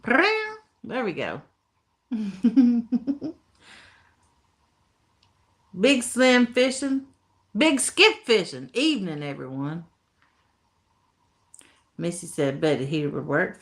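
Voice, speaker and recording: Greeting viewers on a casual live stream, a Tennessee woman with a broad Appalachian accent lets her sing-song, slightly bright voice swing up and down in pitch. She takes her time, stretching words out in folksy, down-home phrasing while reading the chat, and laughs easily between comments.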